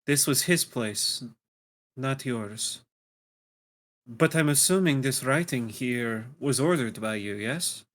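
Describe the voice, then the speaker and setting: A man's voice: medium pitch, animated, slow pace, fairly bright tone. Hesitant male player questioning. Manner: hesitant, restarts words, questioning. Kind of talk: tabletop role-play.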